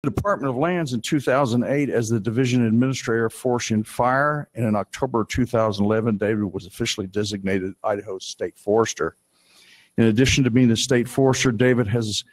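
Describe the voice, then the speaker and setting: A man's voice: lowish voice, low-quality recording. Man reading out a speaker introduction. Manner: reads aloud, slowing and stumbling on some phrases. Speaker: panel moderator. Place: conference room.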